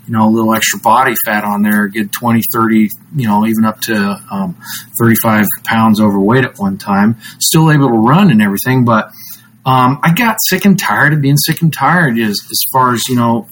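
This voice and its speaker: A man's voice: mid-range voice, a little hiss or hum, low-quality recording. A man from the United States, a podcast guest talking casually, rambling with many fillers and frequent laughs. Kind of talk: casual interview talk.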